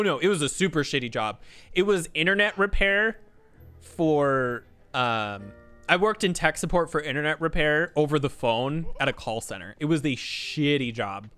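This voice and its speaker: A man's voice: on the high side, sharp tone, clear, resonant tone. A man streamer telling a story in a casual, ranting way, swearing a lot.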